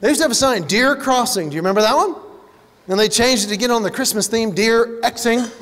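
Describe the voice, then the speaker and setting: A man's voice: extremely high pitch, brisk, fairly bright tone, long reverb tail. A middle-aged man performing a stand-up comedy routine, telling stories and jumping into exaggerated voices for punchlines.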